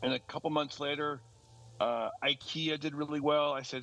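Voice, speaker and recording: A man's voice: moderate pace, dull audio. A man in his forties, a stand-up comedian, chatting casually and animatedly, slipping into funny voices. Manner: animated storyteller who slips into high-pitched joke voices. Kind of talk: casual podcast chat.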